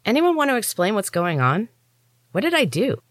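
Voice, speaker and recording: A woman voicing a bewildered young hero who speaks in a puzzled, questioning way, a little higher than her own reading voice. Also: big pitch swings, normal speed, a bit bright, dry recording.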